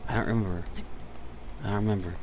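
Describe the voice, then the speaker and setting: A man's voice: on the low side, steady tone, quick pace, noisy background. Chatty man streaming a video game. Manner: rambling and chatty, talks to viewers and enemies. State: tired, yawning. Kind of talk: casual gameplay commentary.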